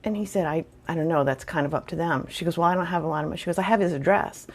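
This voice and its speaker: A woman's voice: on the low side, racing. A middle-aged woman telling a funny personal story in a casual, wry, self-deprecating way, with chatty fillers. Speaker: storyteller vlogger.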